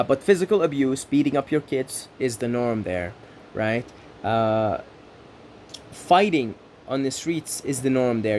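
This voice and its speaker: A man's voice: medium pitch, darkish tone. Earnest man with a faint hiss behind. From Middle East. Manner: earnest, repeats "right?" as a check-in, rhythmic lists. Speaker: spiritual self-help speaker. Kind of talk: reflective monologue to camera.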